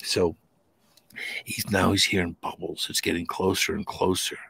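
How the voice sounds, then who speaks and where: A middle-aged man from New England, a guest telling a paranormal encounter story in a colloquial, swearing, animated way. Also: deep voice, moderate pace, creaky, slight background noise. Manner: colloquial, swears casually, restarts often. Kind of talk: animated storytelling in a podcast interview.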